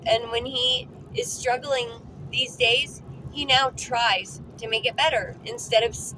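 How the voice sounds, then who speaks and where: A woman talking heartfelt and earnest in a personal vlog while driving, repeating words for emphasis. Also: fairly high pitch. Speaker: vlogger. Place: in a car, driving. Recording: phone recording with clear car noise. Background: car and road noise.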